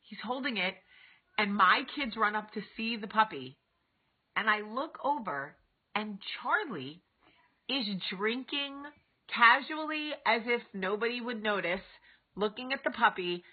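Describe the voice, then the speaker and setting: A woman in her thirties hosting a vlog, telling stories casually to camera and acting out quotes with big lively jumps. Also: mid-range voice, breathy edge. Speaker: vlog host. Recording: tinny phone-like audio.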